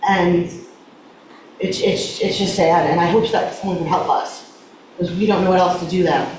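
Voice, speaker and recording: Mom at a school board mic fighting back tears, halting, repeats herself, sounds a bit far off in a big echoey room. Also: female voice, fairly low pitch, fairly even intonation, darkish tone. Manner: halting, repeats words, pleading. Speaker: parent giving public comment. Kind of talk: public comment at a school board meeting. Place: large echoey meeting room. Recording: echoey room audio with faint noise, from a distance.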